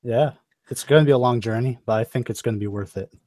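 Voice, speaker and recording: A man voicing an eccentric male researcher who recruits adventurers, speaking in hesitant, halting bursts. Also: medium pitch, a little mellow, no room sound, close to an everyday voice. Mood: eager.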